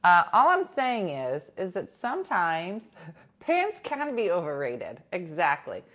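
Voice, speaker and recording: A woman's voice: lowish voice, wildly swooping pitch, slow, a bit bright. A woman hosting a casual live chat from home, telling stories with quoted voices, laughing often and talking to viewers. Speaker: livestream host reading chat. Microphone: new desk mic.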